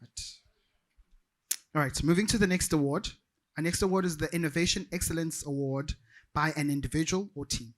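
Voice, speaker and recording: A man's voice: on the high side, brisk, long pauses. A South African man hosting an awards ceremony, chatty with joking asides between announcements. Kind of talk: live awards presenting.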